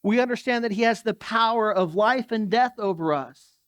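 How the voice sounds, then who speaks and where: A man's voice: high voice, normal speed, a bit bright, no echo. A man preaching a sermon in a church, talking in a conversational way and turning to the congregation with asides. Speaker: pastor.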